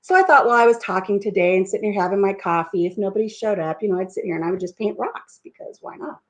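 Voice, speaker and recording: A woman's voice: mid-range voice, fast talker. A middle-aged woman hosting a casual live stream at home over coffee, rambling from one tangent to the next. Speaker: livestream host. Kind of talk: casual chat.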